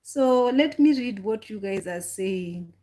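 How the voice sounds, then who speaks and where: Woman vlogger, casual livestream storyteller, animated, mimics voices, mid pitch. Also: takes it slowly. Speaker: vlogger, former flight attendant.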